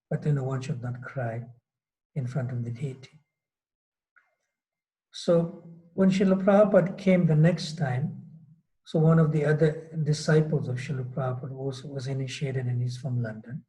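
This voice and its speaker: A man's voice: medium pitch, warm tone, poor audio. A man giving a sermon as a swami, telling a story loosely with many fillers and restarts. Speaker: swami giving a scripture class. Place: temple hall.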